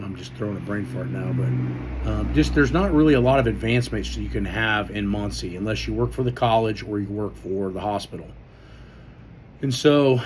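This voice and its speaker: A man's voice: lowish voice, slight background noise. A man, a strength coach, telling his life story in a loose, casual way, with many fillers and some swearing. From Indiana, US.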